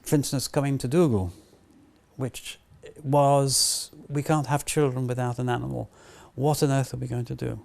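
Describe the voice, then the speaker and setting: Gravelly Frenchman telling old studio stories. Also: medium pitch, moderate pace. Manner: animated, acts out past conversations. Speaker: puppet animator interviewee. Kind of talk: reminiscing interview.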